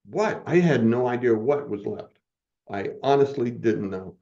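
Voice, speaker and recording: Guy slowly sharing a spiritual experience, earnest, halting, warm low tone, kinda muffled sound. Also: animated. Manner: earnest, halting, moved to tears and laughter. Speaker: guest. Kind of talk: emotional personal testimony.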